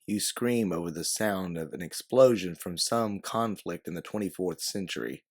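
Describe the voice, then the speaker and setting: A man narrating an audiobook in second person with a steady, descriptive delivery. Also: deep voice, normal speed.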